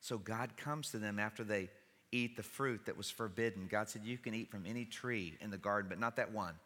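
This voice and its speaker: A man's voice: fairly low pitch, brisk, fairly bright tone. A man preaching a sermon in church, in a conversational way with wry humor. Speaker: pastor. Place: church sanctuary. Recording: reverberant church hall.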